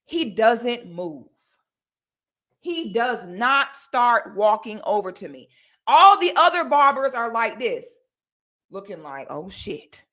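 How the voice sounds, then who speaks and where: A woman telling a personal story on a livestream in a casual, animated, slangy way. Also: on the high side, slow pace.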